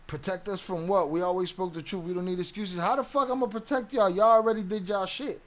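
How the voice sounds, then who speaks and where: Brief: high-pitched male streamer, profane and confrontational, live reaction commentary. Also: fast, hardly any pauses, a bit bright. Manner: profane, confrontational ranting at a viewer.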